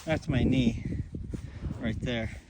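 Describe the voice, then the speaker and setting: A man's voice: medium pitch, slow pace, heavy background noise. Winded man explaining on a snowy walk. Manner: plainspoken, explaining as he goes. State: out of breath from trudging through snow. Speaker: chestnut farmer. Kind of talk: casual walking vlog narration. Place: outdoors in a snowy hillside orchard.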